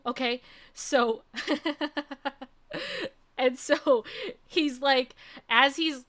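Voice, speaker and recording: A young woman VTuber telling a story in a casual, animated way, laughing often and checking in with "okay?". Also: on the high side. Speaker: VTuber streamer.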